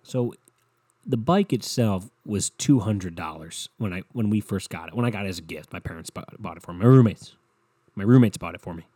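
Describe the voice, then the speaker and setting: A man with a fairly low voice rambles through a podcast story, cursing freely and poking fun at himself. The sound is close and dry, with no room around it. He keeps it loose and conversational, like chatting with a co-host. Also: animated, brisk, dark tone, slightly rough, dry recording. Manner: swears a lot, rambling, self-mocking. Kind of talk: casual profane storytelling rant.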